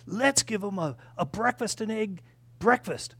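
A man voicing a kindly male chicken in a joke he tells, earnest and quick to offer help. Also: high voice, lively intonation, fairly bright tone, husky, no room sound, pitched above the performer's own voice, exaggerated voice. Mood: concerned, eager.

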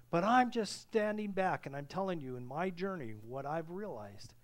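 A middle-aged man preaching a sermon as pastor, earnest and at times fervent, with many restarts. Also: a little high.

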